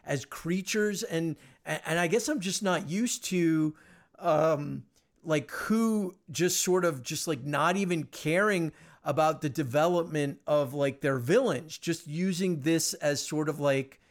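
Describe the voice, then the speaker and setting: A man with a somewhat raised voice chatting on a podcast. He rambles in a lively way, piles up fillers and restarts, and his delivery stays casual throughout. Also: on the high side, takes it slowly. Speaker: podcast host. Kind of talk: casual chat.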